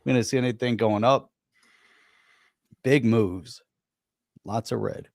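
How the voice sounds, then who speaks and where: An upbeat man hosts a casual live stream, joking and tossing in quick asides. His voice is mid-pitched and sounds close and dry, with hardly any room around it. His talk is loose and chatty. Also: creaky, darkish tone, no echo. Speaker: host.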